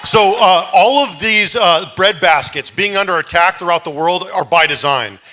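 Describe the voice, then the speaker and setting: A man giving a loud, urgent, rapid-fire campaign speech at a live forum in a church before an audience. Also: sits high, faint music behind. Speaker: governor candidate.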